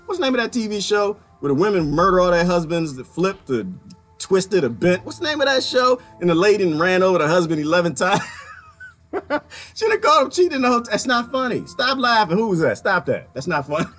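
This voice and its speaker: A man doing a stand-up comedy routine, talking to the audience and acting out voices in an animated way. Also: high-pitched, a little fast, faint music behind. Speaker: stand-up comic.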